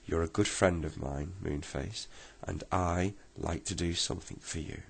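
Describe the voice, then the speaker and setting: Man playing kindly old pedlar, husky, gravelly, slow. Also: low voice, exaggerated voice.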